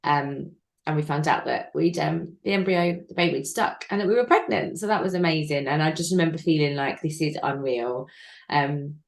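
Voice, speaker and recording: Low-voiced woman, candid and halting. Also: vocal fry. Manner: candid, halting with frequent fillers. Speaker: interview guest. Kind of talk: personal storytelling. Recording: echoey room.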